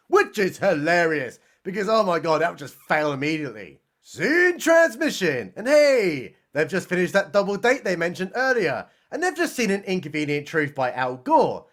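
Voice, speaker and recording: Male reviewer, high lively voice, sarcastic deadpan recap with sudden excited yelps. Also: normal speed, hardly any pauses. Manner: mocking, exclaims often, swings between deadpan and excited outbursts. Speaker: movie reviewer. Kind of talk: sarcastic comedic film recap narration.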